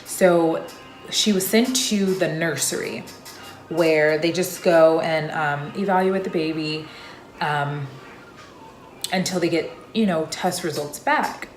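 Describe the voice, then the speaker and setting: Young woman vlogger, slightly low voice, chatty storyteller, roomy echo. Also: fairly even intonation, slow pace, faint music behind. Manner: chatty, loose, with frequent fillers. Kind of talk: casual personal storytelling to camera. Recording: echoey room.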